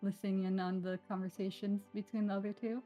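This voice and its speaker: A woman playing a tabletop game, calmly describing her character's actions, with soft music behind. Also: medium pitch, fast. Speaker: player.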